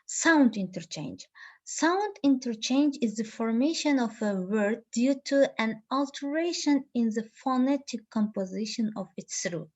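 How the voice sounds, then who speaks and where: A woman teaching a lesson, reading from her notes slowly and carefully with frequent pauses and fillers. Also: on the high side, animated, dull audio.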